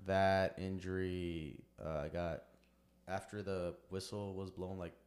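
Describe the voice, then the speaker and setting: A man's voice: low-pitched, little pitch movement, takes it slowly, a little mellow. A young man co-hosting a podcast in casual chat, blunt and teasing and swearing freely. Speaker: podcast co-host.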